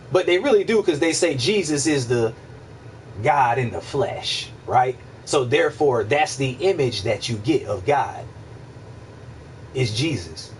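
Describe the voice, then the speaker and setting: A man hosting a casual livestream, musing out loud in a rambling, profane way, repeating himself and answering his chat. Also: fairly high pitch, far from the mic, slight background noise, poor audio. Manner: rambling, profane, repeats himself, asks listeners if they follow. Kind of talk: casual philosophical monologue.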